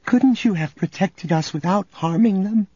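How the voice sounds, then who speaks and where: A man's voice: sits high, normal speed, slightly rough, no echo, pitched above the performer's own voice. A man voicing an earnest grieving young woman. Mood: upset. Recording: dull audio under loud music.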